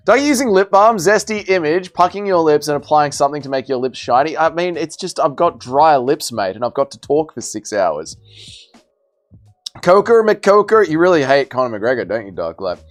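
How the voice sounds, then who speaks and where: A young man hosting a casual livestream, bantering as he reads and answers viewers' chat messages. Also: a little high. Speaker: livestream host.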